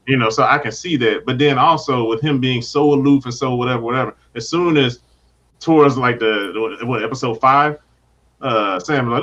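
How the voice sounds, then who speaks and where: A man chatting casually on a podcast at an everyday pitch. He talks animatedly, slipping into little acted-out voices for the characters he quotes. The sound is slightly dull and lo-fi. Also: normal speed, a bit bright. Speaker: podcast guest.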